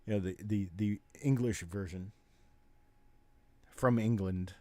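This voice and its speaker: A man hosting a live coin auction, calling bids in rapid, repetitive runs and joking between lots. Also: lowish voice, fairly even intonation, mellow, no room sound. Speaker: auctioneer and show host.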